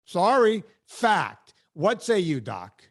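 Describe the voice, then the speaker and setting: A man's voice: sits high, huge pitch swings, takes it slowly. A man hosting a podcast, ranting bluntly and sarcastically in casual chat. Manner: blunt, sarcastic, emphatic rants. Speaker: podcast host.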